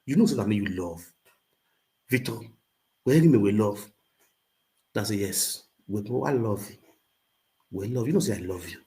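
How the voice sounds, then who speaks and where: A man with a Nigerian Pidgin accent telling a story in an animated rant, swinging between loud outbursts and low muttering. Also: normal speed, long pauses. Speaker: social media livestreamer.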